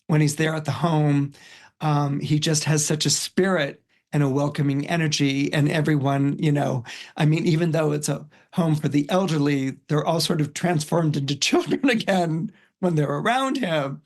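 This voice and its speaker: Speaking at a normal speed in a fairly high-pitched voice, a man who is an astrologer and podcast guest rambles through a casual retelling of a film's story, full of fillers and restarts.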